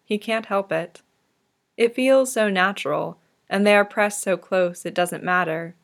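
A woman narrating a fan-fiction story in a gentle, tender manner. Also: medium pitch, a little slow, vocal fry.

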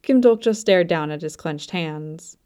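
A woman narrating a story in a soft, even storytelling manner. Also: lowish voice, unhurried, clear, resonant tone. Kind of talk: scripted narration.

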